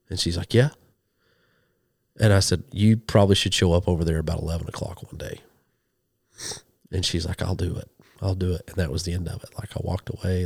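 This is a man with a fairly low voice, telling stories on a podcast. He talks casually and with energy, and he acts out the lines of the people he quotes. The sound is dry and close. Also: darkish tone, no room sound. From western Oklahoma. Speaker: guest, hunting show host and minister. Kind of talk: casual storytelling.

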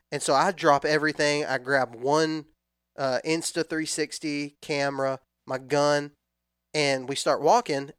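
A man in his thirties telling a long hunting story in a relaxed, rambling way with frequent restarts. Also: fairly high pitch, dry recording, studio quality. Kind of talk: casual storytelling chat.

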